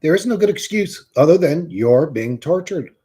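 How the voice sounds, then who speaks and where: A male streamer with a slightly high, warm, expressive voice speaks at a moderate pace. He launches into a heated tirade straight at his audience, cursing, mocking, and chatting with viewers in the stream chat.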